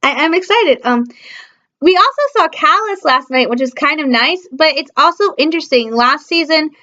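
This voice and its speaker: A young woman from Michigan rambles excitedly through a casual fan review. She fills her talk with hesitations and breaks into happy squeals. Her voice sits high, and the audio is dull and lo-fi. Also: moderate pace. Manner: excitable, gushing, many fillers, bursts into squeals. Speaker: fan vlogger.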